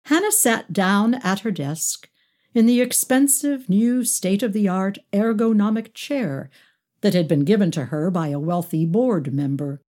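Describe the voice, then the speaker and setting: Expressive woman reading a novel aloud. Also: medium pitch, a little slow. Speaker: narrator. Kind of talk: audiobook narration.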